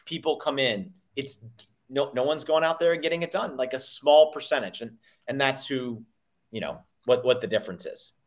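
A man's voice: mid-range voice, moderate pace. A man being interviewed as a sales coach, talking energetically and telling stories, often repeating himself and acting out quoted people. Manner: energetic, repeats words and restarts, quotes people in lively voices. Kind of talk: conversational interview storytelling.

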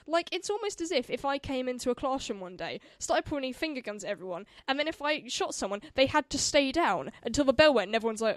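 A woman's voice: sits high, sing-song, fast talker, few pauses, no room sound, clean studio sound. A woman hosting a podcast, chatting casually and rambling with lots of fillers. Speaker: podcast host. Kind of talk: casual chat.

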